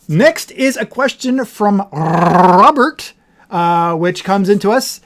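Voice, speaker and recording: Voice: mid-range voice, lively intonation, takes it slowly. A livestream host of a board game show, chatting casually and rambling with frequent self-corrections. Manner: says their voice turns nasal on camera.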